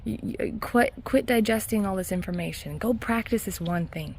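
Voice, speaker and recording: A woman hypnotherapist talks straight to her viewers in an earnest, encouraging way, with soft laughs along the way. Her voice sits at a middle pitch. A faint hiss of noise runs under the recording. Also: moderate pace, creaky. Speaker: hypnotherapist and mindset coach. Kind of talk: casual self-help vlog talk.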